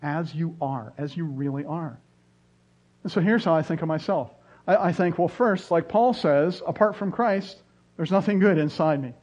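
A man preaching a sermon as pastor, earnest, often dropping into soft, quiet phrases. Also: a little high, normal speed, lo-fi sound. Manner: earnest, preaching with dramatic drops to soft tones.

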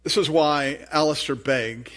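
A man preaching a sermon, earnest and emphatic, with rising bursts and soft asides. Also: fairly high pitch, unhurried. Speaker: pastor.

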